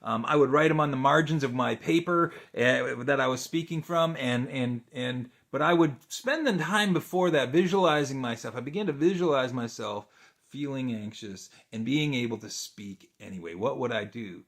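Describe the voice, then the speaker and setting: A man's voice: medium pitch, moderate pace, fairly bright tone. Middle-aged man, therapist explaining to camera, unscripted, easygoing, lots of um and uh, rhetorical questions. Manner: conversational, many fillers and restarts, asks rhetorical questions. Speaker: therapist teaching a video course. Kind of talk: unscripted teaching talk to camera.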